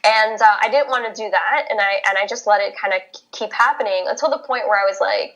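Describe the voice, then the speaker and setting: Appearing as a podcast guest, a woman physical therapist tells a personal story in casual conversation, lively and laughing as she acts out her own thoughts. She talks fast in a mid-range voice, and the recording's highs are cut off.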